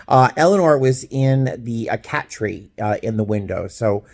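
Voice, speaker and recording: A man in his fifties talks to his camera from a hotel room, an easygoing flight attendant telling stories. He is chatty and animated and slips into little voices to quote people. His voice sits at an ordinary, mid-range pitch. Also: moderate pace, vocal fry. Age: 50s. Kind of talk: casual vlog chat.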